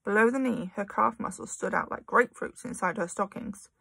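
A woman reading a children's novel aloud with lively, expressive storytelling. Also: mid-range voice, a little fast, creaky, slightly rough, no echo. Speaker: narrator.

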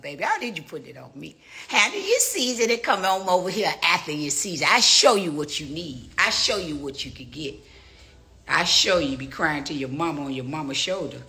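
A middle-aged woman ranting on a phone live stream, brash and profane, swinging between hushed whispers and loud exclamations. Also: a little high, wildly swooping pitch, normal speed, slight background noise. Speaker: social media personality. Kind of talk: casual live-stream rant.

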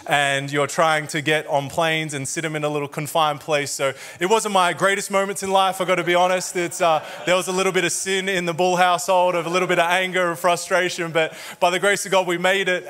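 A man's voice: fairly high pitch, fairly bright tone, clear, resonant tone. A man with an Australian accent, preaching a sermon in a church with joking, conversational asides to the crowd. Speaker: pastor. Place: church auditorium.

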